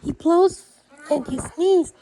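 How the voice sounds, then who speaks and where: Slow sing-song storybook reader, woman. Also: very high voice, warm tone, low-quality recording. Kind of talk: reading a picture book aloud.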